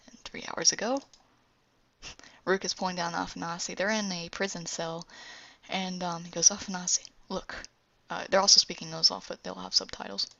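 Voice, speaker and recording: A woman casually pitching her own animated show, rambling with fillers and self-corrections, on a lo-fi recording. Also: a little fast, gravelly. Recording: dull lo-fi home recording.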